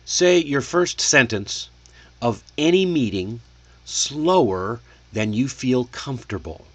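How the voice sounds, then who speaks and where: A man gives an English speaking lesson from his desk, talking at an unhurried, very slow pace. His pitch sits in an ordinary middle range, and the close mic sound is dry with no room around it. He checks in often and models how sentences should land. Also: animated, fairly bright tone, breathy edge, no echo. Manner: coaching, deliberate, checks in with "okay?"; demonstrates rising and falling intonation.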